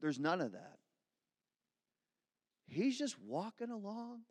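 High-voiced preacher in an echoing hall. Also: male voice, very animated, slow pace. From Philadelphia, USA. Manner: conversational, self-deprecating, acts out quotes. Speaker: pastor. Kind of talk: sermon. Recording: long hall reverb.

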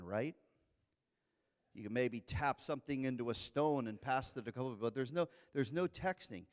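A man preaching a sermon, telling the story dramatically and acting out the lines of the people in it. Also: mid-range voice. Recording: long reverb of a large hall.

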